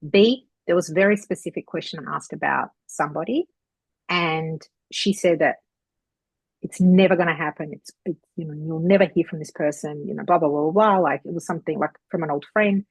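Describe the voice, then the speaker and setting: Husky low-voiced woman telling a story. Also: fairly quick, no room sound, low-quality recording. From Australia. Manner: chatty, rambling, animated retelling with acted quotes. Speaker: psychic medium guest. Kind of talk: casual storytelling chat.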